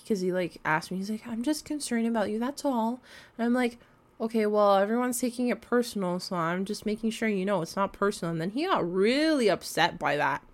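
A young woman telling a casual storytime rant about her coworkers, exasperated and animated, swearing freely and full of likes and fillers. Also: medium pitch. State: recovering from a cold. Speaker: vlogger.

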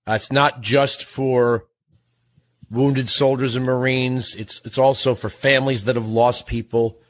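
A man hosting a call-in radio show from a studio, speaking gently and consolingly to a caller. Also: mid-range voice, little pitch movement, unhurried. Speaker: radio host.

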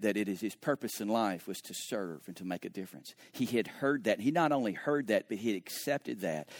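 A man who is a pastor, preaching a sermon and telling a story, moving between hushed, slow moments and lively, animated stretches. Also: on the low side, dry recording, clean studio sound.

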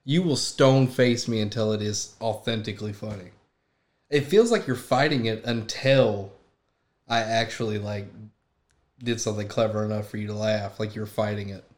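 A man's voice: on the low side, normal speed, a little mellow. A man on a podcast as a guest in casual chat, joking around and laughing easily.

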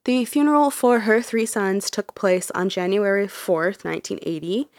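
A woman's voice: medium pitch, moderate pace, dry recording. A woman hosting a podcast who is sick, telling a true crime case in a casual, chatty way and saying "like" a lot. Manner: chatty, laughs often, says "like" a lot. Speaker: podcast host.

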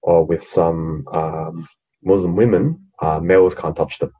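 Young Australian man, very low husky voice, casual rambling chat, frequent swearing. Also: fairly even intonation, unhurried, lo-fi sound. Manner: rambling, swears freely, mocks quoted people. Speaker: podcast co-host.

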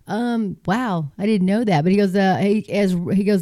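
A middle-aged Texan woman with a mid-range, mellow voice reads the news aloud and encourages her Christian viewers in a folksy, rambling manner. She talks at a normal speed with few pauses, and the studio recording is clean with no echo.

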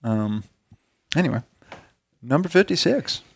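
A man's voice: medium pitch, sing-song, a little slow, gravelly, breathy edge, dry recording. A man co-hosting a casual gaming podcast, chatting in a wry, opinionated way. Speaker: podcast co-host. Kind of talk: casual chat. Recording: dry close studio mic.

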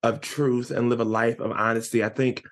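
Enthusiastic male guest, mid-pitched, bright-spirited and lively. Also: normal speed. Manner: upbeat, excitable, pitch jumps high when animated. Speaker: podcast guest. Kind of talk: casual podcast interview.

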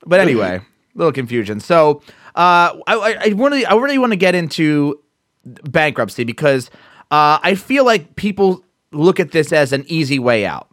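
A man's voice: on the high side, very animated, moderate pace, a bit bright, no echo, clean studio sound. A man with a New Jersey accent co-hosting a casual podcast, chatty and laughing as he tells stories. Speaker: podcast co-host.

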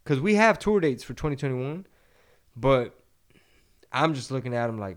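Casting note: young Texan man, podcast co-host, relaxed storyteller, mid-pitched voice. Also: normal speed. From Texas. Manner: laid-back storyteller, acts out voices in anecdotes. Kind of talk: casual podcast chat.

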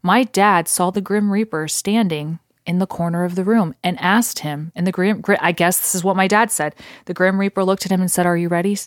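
Lady rambling through a spooky story, lowish voice, dry close mic. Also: normal speed, no echo. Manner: rambling, many fillers and restarts. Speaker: podcast host. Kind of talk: casual ghost story telling.

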